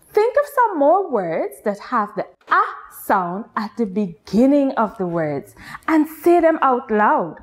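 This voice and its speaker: A Guyanese woman leads a children's phonics lesson in a slightly high voice that swoops up and down in a sing-song way. She speaks extremely slowly and patiently, stretching each word out for little listeners. Her tone is that of a teacher coaxing a class along. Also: fairly bright tone. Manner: patient, sing-song, drawn-out teacher talk with exaggerated rises. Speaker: nursery teacher. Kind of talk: slow, deliberate children's lesson.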